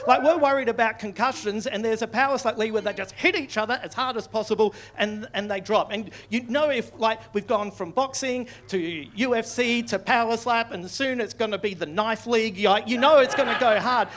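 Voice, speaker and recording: A man's voice: sits high, fairly quick, hardly any pauses, fairly bright tone, a little hiss or hum. A man with an Australian accent doing live stand-up, sardonic and swearing, turning mock-outraged. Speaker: stand-up comedian. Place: comedy club stage, live audience laughing.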